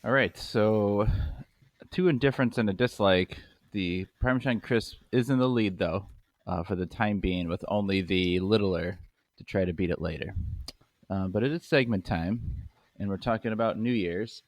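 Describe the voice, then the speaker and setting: A young man hosting a comedy podcast, laid-back and quick to laugh as he runs a game. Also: on the low side, dry recording. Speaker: podcast host running the game. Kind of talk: casual comedy chat.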